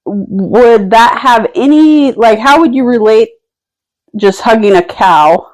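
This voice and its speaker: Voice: mid-range voice, lively intonation, takes it slowly, darkish tone, low-quality recording. A podcast interviewer asking casual questions with many fillers and restarts. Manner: hesitant, filler-heavy questions.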